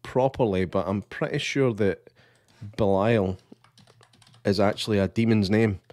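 Low-voiced Scottish man, relaxed. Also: unhurried, no echo. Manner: relaxed, hesitant with many ums, dry humour. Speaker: podcast co-host. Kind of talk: casual podcast chat.

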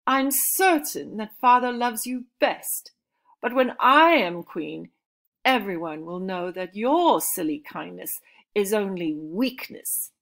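A proud, greedy young sister who talks down to others with cold scorn, as a woman reading a storybook puts her on. The voice is slow and deliberate, every word weighed for effect. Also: medium pitch, lively intonation, vocal fry, fairly bright tone, exaggerated voice. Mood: scornful. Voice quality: scornful, falsely sweet.

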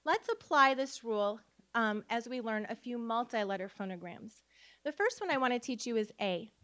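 A literacy educator from Minnesota gives a live teaching talk to tutors in a conference room. Her slightly high voice moves at a moderate pace with energetic classroom delivery. She sounds out vowels, demonstrates sounds aloud and quizzes the room with questions.

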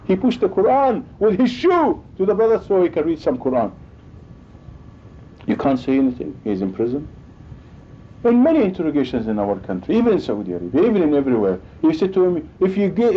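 A man's voice: big pitch swings, fairly quick. A man preaching a sermon with emphasis, acting out quoted exchanges as he goes. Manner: emphatic, acts out quoted dialogue. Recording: dull lo-fi recording with faint rumble.

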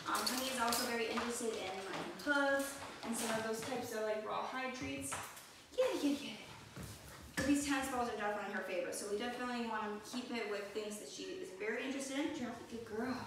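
A woman's voice: a little high, a little fast. Upbeat woman dog trainer, echoey and distant. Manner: upbeat, bright praise cues to the dog. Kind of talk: training demonstration with commentary. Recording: echoey room, mic far off, noisy.

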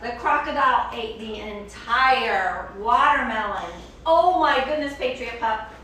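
High-voiced, animated woman reading to kids. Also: a little slow. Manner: animated, playful, talks to a puppet and the kids. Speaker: children's story reader and show host. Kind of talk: reading a picture book aloud to children. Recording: echoey room, distant mic, faint hiss.

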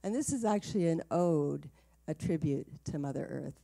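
A woman's voice: deep voice, expressive, moderate pace, creaky. A woman minister opening a livestreamed church service, chatty and laughing easily. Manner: chatty and warm-hearted, laughs easily, light fillers. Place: small home worship space.

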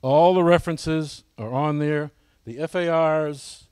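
A man's voice: on the high side, unhurried, darkish tone, clean tone, no room sound. A man giving a casual, folksy presentation to his flying club, often asking the audience questions.

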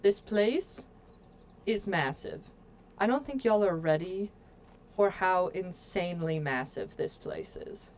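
A woman's voice: lowish voice, sing-song, takes it slowly, a little mellow, a little hiss or hum. A woman streaming a game, chatting playfully to her viewers as she plays. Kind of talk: casual gameplay commentary.

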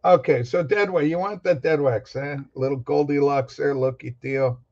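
A man's voice: on the high side, moderate pace, darkish tone, dull audio. A man hosting a casual record-collecting livestream, rambling and joking as he answers the chat. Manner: rambling, jokey, talks back to chat commenters. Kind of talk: casual live-chat talk.

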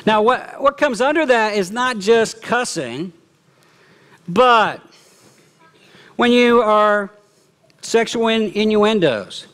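Animated middle-aged male pastor preaching. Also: sits high, slow, pauses often. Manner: animated, acts out quoted speech. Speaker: lead pastor. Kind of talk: sermon. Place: church.

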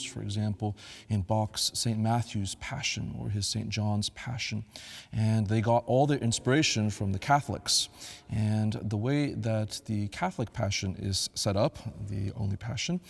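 Earnest priest teaching about chant, low gravelly voice, long church echo. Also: male voice. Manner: earnest and devout, breaks into chant to demonstrate. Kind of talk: teaching talk on liturgical chant.

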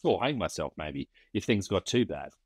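Wry bushman yarn-spinner, read by a man, lively up and down delivery, dry close sound. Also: sits low, moderate pace, slightly rough, dry recording, exaggerated voice. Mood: drawling yarn. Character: weathered male bushman spinning yarns.

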